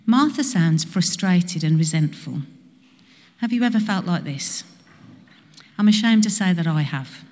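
A woman's voice: on the low side, lively intonation, measured pace, darkish tone. A woman preaching a sermon to a congregation, often asking the listeners questions. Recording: reverberant hall.

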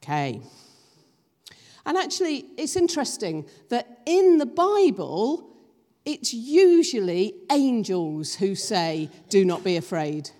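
A woman preaching a sermon, slow and emphatic, drawing the congregation in with questions. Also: mid-range voice, sing-song, warm tone. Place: church hall. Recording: long reverb of a church hall.

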